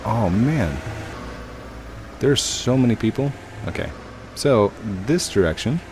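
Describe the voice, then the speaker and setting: Over a noisy background and game music, a low-pitched man hosts his gaming channel, chatting and rambling through the gameplay, humming to himself and backtracking to self-correct.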